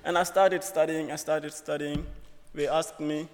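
A man's voice: fairly high pitch, little pitch movement, a little slow. Young man telling a story in a reverberant hall. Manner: earnest, humorous storytelling in short phrases. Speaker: student speaker. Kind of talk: personal story speech. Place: auditorium.

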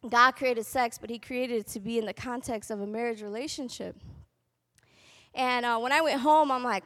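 A young adult woman giving a spoken testimony at a convocation, telling her story with animated delivery and acting out what people said. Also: on the high side, normal speed, pauses often. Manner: animated storytelling, acting out quotes in shifting voices. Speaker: convocation speaker. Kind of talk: testimony talk to an audience.

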